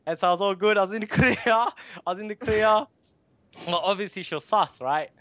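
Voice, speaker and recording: A man's voice: high-pitched, animated, quick pace, a bit bright, no room sound. A young Australian man telling a long story as a podcast guest, rambling with lots of fillers. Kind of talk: casual storytelling. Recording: dull dry sound.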